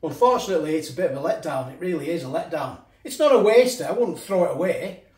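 A man's voice: on the high side, expressive, quick pace, darkish tone. Middle-aged man, casual food reviewer, rambles, talks while eating, roomy echo. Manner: rambling, repeats himself, talks with mouth full. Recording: echoey room.

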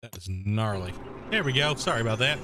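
A man's voice: fairly low pitch, animated, fairly quick, background noise. A man streaming a video game, chatting casually and rambling with lots of fillers at his desk mic. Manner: rambling, laid-back, filler-heavy. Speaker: gaming streamer.

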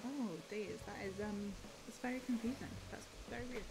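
A young Scottish woman streaming a cozy game, gushing and excitable, often trailing off into fillers. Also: medium pitch, brisk, low-quality recording. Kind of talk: casual gaming livestream chat. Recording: game music playing underneath.

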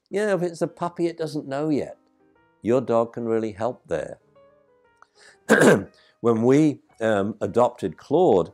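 Brief: low-pitched male trainer, emphatic and lively, faint music underneath. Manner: animated, emphatic, conversational. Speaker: dog trainer. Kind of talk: instructional talk answering a viewer question.

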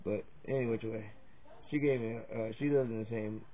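A man's voice: medium pitch, steady tone, moderate pace. Crude rambling man, tinny phone-like sound. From Virginia, USA. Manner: crude, profane, jokey, jumps between topics. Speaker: comedy vlogger. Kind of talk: rambling stand-up style monologue.

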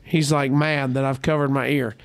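A man's voice: medium pitch, normal speed. A man telling a story as a guest on a comedy podcast, acting out the voices of the people in it. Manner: animated, acts out quoted voices.

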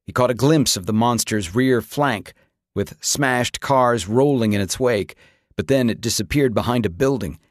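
A man reading an audiobook with dramatic, expressive narration. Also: medium pitch, moderate pace, no echo, clean studio sound. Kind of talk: scripted narration.

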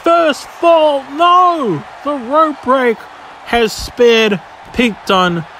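A man with a high voice does play-by-play for a wrestling video game, drawing his words out slowly. He bursts into shouts at near-falls and big moves. Faint game sound hums behind him. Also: animated, a little hiss or hum. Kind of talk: excited play-by-play commentary.

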